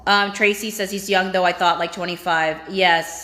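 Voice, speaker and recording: Low-voiced woman reading chat comments. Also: fairly even intonation, normal speed, pushed and bright. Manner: reads viewer comments aloud and reacts with chatty asides. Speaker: livestream host. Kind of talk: casual live-chat reading. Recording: roomy echo.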